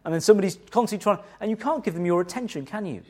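Lively, animated male preacher. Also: high-pitched, very fast. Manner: animated, conversational preaching with restarts and rhetorical questions. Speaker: pastor. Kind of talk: sermon.

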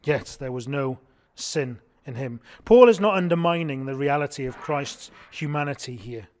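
A man's voice: medium pitch, animated, moderate pace, darkish tone. A man preaching a sermon in an earnest way, often asking his congregation rhetorical questions.

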